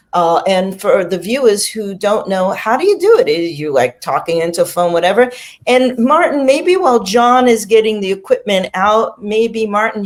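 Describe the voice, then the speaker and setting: Middle-aged lady hosting a talk show, bouncy playful questions, voice jumps around a lot. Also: mid-range voice. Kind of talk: lively interview chat.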